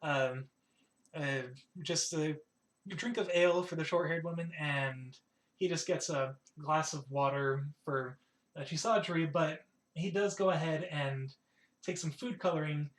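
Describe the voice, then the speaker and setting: A man's voice: on the high side, steady tone, measured pace, reverberant. A young man narrating a tabletop game as game master, rambling with many fillers.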